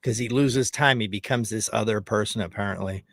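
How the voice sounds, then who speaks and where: A man's voice: on the low side, fairly quick, gravelly, fairly bright tone, no echo. A man streaming a heated, profane commentary, mocking the person he talks about. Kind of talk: ranting commentary.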